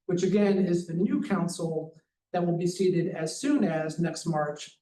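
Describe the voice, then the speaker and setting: A man delivers formal public comment to a council, his voice slightly high and his wording careful and precise. The recording picks him up from a distance in a roomy, echoing hall, with a faint hiss underneath. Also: dark tone. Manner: measured, precise, reads statute text aloud. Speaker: advocacy director giving public comment. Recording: echoey, distant hall audio with faint noise.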